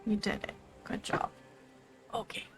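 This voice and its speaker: A woman's voice: unhurried, a bit bright, soft background music. A woman streamer chatting casually as she plays a game and talks to her pet between moves. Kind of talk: casual gameplay commentary.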